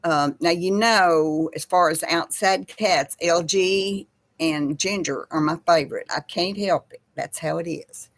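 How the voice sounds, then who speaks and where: An older woman chatting casually with live viewers in a slow, folksy way. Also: lowish voice. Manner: slow folksy talk, baby voice to her pets. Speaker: host of a live chat with viewers. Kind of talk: casual live-stream chat reading viewer comments.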